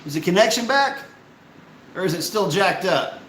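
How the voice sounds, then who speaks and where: A man hosting a casual live stream, ranting in an animated, profane, exasperated way and reading out chat messages. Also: high-pitched, normal speed, reverberant, slight background noise, poor audio.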